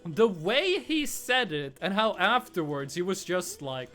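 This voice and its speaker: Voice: medium pitch, big pitch swings, unhurried, a bit bright, faint music behind. A young adult streamer, casually chatting while gaming and telling rambling, profane stories. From Norway. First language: Norwegian.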